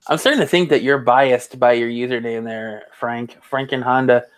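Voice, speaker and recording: A man's voice: mid-range voice, fairly even intonation, moderate pace, dry recording. Teasing man on a casual podcast. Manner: joking, teasing, profane. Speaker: podcast co-host. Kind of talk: casual chat.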